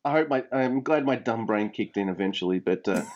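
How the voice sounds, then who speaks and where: A man's voice: on the low side, animated, brisk, a little mellow. A man co-hosting a podcast, joking in a hesitant, self-deprecating way. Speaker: podcast co-host. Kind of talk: casual podcast chat. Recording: dull lo-fi audio.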